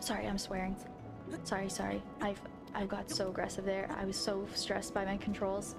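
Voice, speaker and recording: A young woman live-streaming a game, chatting casually with viewers in an excitable, self-deprecating way. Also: mid-range voice, normal speed, creaky. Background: game music.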